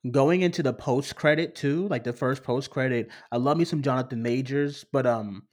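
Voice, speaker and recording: A man hosting a casual movie discussion, rambling and animated, often acting out what others said. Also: mid-range voice, normal speed. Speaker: podcast host.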